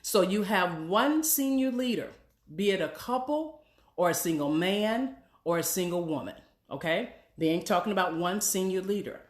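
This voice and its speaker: A woman's voice: on the low side, animated, normal speed, roomy sound. A woman who is an executive pastor, preaching a sermon to her congregation with repeated questions and call-and-response phrases.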